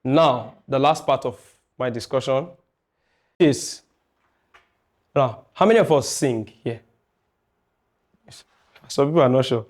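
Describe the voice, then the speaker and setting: A man's voice: medium pitch, takes it slowly, pauses often. A man teaching a music class, chatty and jokey, often asking his students questions. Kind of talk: classroom lecture.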